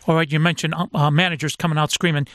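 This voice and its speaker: A man hosting a radio talk show, reading his lines in a measured, deliberate way. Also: fairly high pitch, level tone, fairly bright tone, no echo, studio quality. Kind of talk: scripted radio interview hosting.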